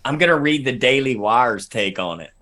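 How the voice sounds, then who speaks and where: A man's voice: mid-range voice, lively intonation, moderate pace, pushed and bright. A man co-hosting a podcast, speaking bluntly and crudely in casual banter. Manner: blunt, crude, laid-back. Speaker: podcast co-host.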